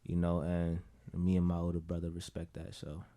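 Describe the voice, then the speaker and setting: Deep-voiced laid-back New man. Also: monotone, moderate pace, dark tone. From Brooklyn, New York. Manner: laid-back, rambling, fills with "you know what I'm saying". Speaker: guest musician. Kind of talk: casual podcast chat.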